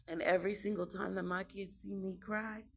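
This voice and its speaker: A woman's voice: mid-range voice, little pitch movement, normal speed, gravelly, a little hiss or hum. A young mother talking about raising her children in a casual, emphatic monologue, repeating herself to drive points home.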